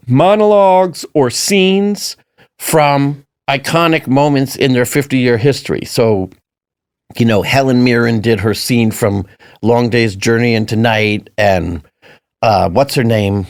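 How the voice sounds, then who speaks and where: A man's voice: medium pitch, no echo, clean studio sound. A man co-hosting a podcast, telling rambling anecdotes in casual chat and swearing now and then. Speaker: podcast co-host.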